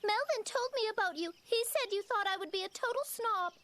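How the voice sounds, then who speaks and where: A woman's voice: very high voice, fairly quick, a bit bright, a little hiss or hum. A woman voicing a shy, brainy teenage schoolgirl in a cartoon dub, over-enunciating in a half-British way. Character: shy brainy teen schoolgirl, soft and polite.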